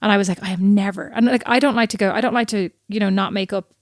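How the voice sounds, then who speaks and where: A woman in her thirties chats as a podcast co-host, her voice sitting at a middling pitch. She tells stories with quick asides and plenty of animation. The sound is dry and close, with no room around it. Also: steady tone, dry recording. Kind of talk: casual chat.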